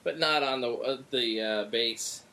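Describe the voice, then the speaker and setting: A man from Southern California hosting a podcast in casual chat, rambling and halting with many restarts. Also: mid-range voice, pushed and bright. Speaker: podcast host.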